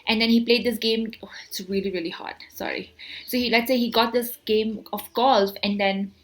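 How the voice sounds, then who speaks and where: A woman talking casually to camera as a motivational speaker, explaining with her hands, often repeating herself, filling pauses and asking herself questions. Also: fairly high pitch. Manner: explains with hand gestures, repeats words, many fillers; animated rhetorical questions.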